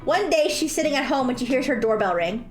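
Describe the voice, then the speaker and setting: A woman's voice: high voice, lively intonation, fast talker. A woman streamer reading jokes aloud in a giggly way that keeps breaking into laughter. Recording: roomy echo, faint music behind.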